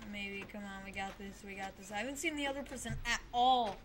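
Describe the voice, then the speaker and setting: A woman hosting a gaming channel, giving casual, excitable commentary while she plays, often pleading and shouting at the game. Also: medium pitch, a little fast, a little hiss or hum. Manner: excitable, frequent exclamations and pleading.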